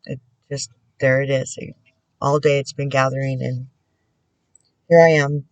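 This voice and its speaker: A woman giving a casual spiritual tarot reading at home. She speaks gently and prayerfully, with many pauses and restarts. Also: a bass voice, flat delivery, no echo. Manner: halting and soft-spoken, many pauses and restarts. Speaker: tarot reader and spiritual channeler. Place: indoors at home.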